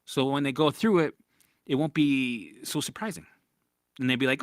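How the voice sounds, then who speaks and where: A man's voice: medium pitch, normal speed, pauses often, no echo, clean studio sound. A man hosting a casual live-stream Q&A as a recovery coach, talking bluntly with swearing and frequent restarts. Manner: blunt, profane, animated, with lots of restarts.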